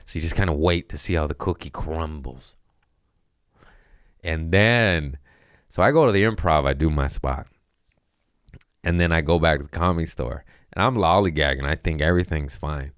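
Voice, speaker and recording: A man's voice: extremely low pitch, moderate pace, pauses often, clean tone, no echo, studio quality. A male comedian hosting a podcast, telling stories in a loose, profane, casual way and acting out the lines of the people in them. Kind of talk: casual storytelling monologue.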